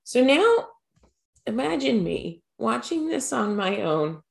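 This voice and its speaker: A woman co-hosting a casual chat, animated and incredulous as she recaps scenes and mimics the characters. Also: on the high side, takes it slowly, creaky. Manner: animated, incredulous, quoting characters in exaggerated voices. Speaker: podcast co-host recapping a show.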